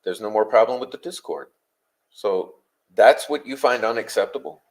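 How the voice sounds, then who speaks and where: A man hosts a livestream and argues with his chat, exasperated and confrontational, and he swears heavily. He fires off rhetorical questions in quick bursts. His voice sits at an everyday middle pitch for a man. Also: creaky. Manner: rapid-fire rhetorical questions. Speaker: livestream host. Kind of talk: unscripted livestream rant answering chat.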